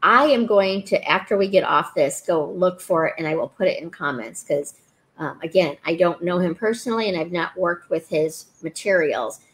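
A woman's voice: fairly low pitch, normal speed, low-quality recording. Earnest woman hosting a live chat. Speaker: host.

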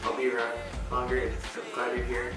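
A man's voice: mid-range voice, completely flat delivery, brisk, a bit bright. A young man giving a rambling, hesitant birthday message to a friend, often trailing off. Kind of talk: casual birthday video message. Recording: very echoey room, far from the mic, music playing.

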